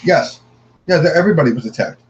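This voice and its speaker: A middle-aged man recounting his family's paranormal experiences as a guest, halting and repeating words as he tells it. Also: fairly high pitch, expressive, highs cut off.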